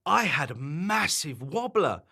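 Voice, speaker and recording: A man reading a bedtime story puts on a stroppy little animal girl from a storybook, high and bratty. Her voice sits well above his own and swoops around with bright, bouncy energy. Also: sing-song, measured pace, gravelly, husky, exaggerated voice. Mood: calm.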